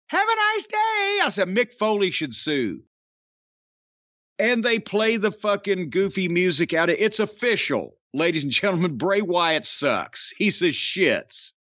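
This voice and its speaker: Man, high voice, blunt cursing rant, dry dull lo-fi sound. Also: a bit bright, dry recording. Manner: blunt, profane, exasperated. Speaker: podcast host. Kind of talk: ranting wrestling commentary.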